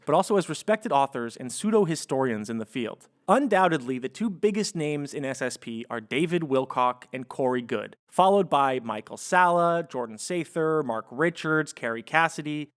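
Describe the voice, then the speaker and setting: A man hosting a podcast, reading prepared research aloud with wry, sarcastic asides and slipping into casual chat. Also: fairly high pitch. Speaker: podcast host.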